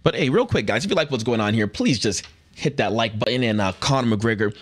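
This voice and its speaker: A man's voice: mid-range voice, very animated, fast. A man hosting a podcast in joking, playful casual chat. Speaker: podcast host.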